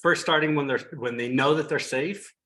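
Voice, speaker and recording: A man's voice: fairly high pitch, normal speed, poor audio. A tired man speaking as a hypnotherapist guest in a casual group discussion, telling stories animatedly on a video call. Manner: animated storyteller, acts out quotes.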